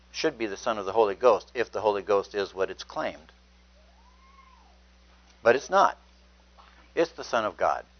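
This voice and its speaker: A man preaching a sermon, reading scripture aloud and stressing words earnestly. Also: lowish voice. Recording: dull lo-fi sound.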